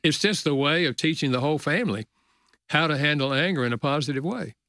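A man's voice: on the high side, pushed and bright, no room sound. Older man, earnest guest storyteller, dry close mic. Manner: earnest, slows down for emotional moments. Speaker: author and guest. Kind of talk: storytelling in a podcast interview.

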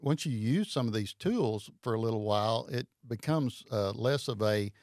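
A man explaining a Bible study method in casual chat, halting and hesitant with many fillers. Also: mid-range voice, expressive, darkish tone, dry recording, studio quality.

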